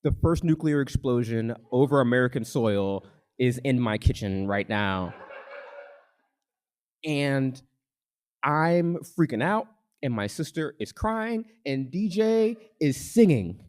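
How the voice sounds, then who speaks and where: Male live storyteller, comic timing, middle-pitched, lively. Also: slow pace, clean tone. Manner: lively, comic, building suspense. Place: theater stage, live.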